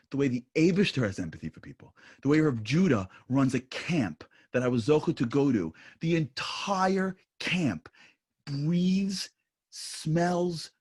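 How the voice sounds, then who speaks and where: A man on a panel talks in earnest, confessional bursts and repeats himself as he goes. His voice is a little husky, sits fairly high, and rises and falls widely. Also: darkish tone. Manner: earnest, confessional, speaks in quick bursts with repetitions. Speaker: panel speaker. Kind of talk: impassioned panel talk. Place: livestream studio panel.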